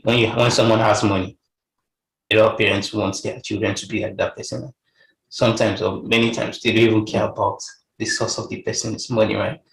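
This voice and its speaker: A man with a Nigerian accent co-hosting a casual podcast discussion, speaking in a measured, conversational way with many fillers. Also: fairly low pitch, vocal fry, a little hiss or hum. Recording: roomy, echoey room.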